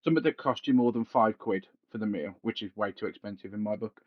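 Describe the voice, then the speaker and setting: A man's voice: fairly low pitch, fast, no echo, muffled recording. A man hosting a casual podcast chat, rambling and joking with frequent laughter. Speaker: podcast host. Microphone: headset.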